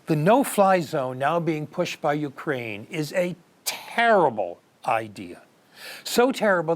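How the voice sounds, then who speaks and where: Earnest male political commentator. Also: a little high. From United States. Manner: earnest, rhetorical questions, emphatic rises. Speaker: news commentary host.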